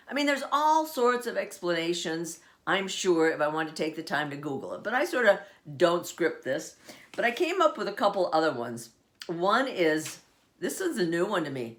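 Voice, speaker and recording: A woman's voice: lowish voice, very animated, normal speed, fairly bright tone. A middle-aged woman hosting her own podcast, chatting on her own and laughing often as she acts out everyday sayings. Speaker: podcast host. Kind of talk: casual solo podcast musing.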